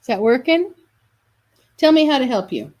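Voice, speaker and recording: A woman's voice: sits high, big pitch swings, normal speed, darkish tone. A woman hosting a live sales video for quilt kits, chatty and enthusiastic, often correcting herself mid-sentence. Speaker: shop host selling quilt kits.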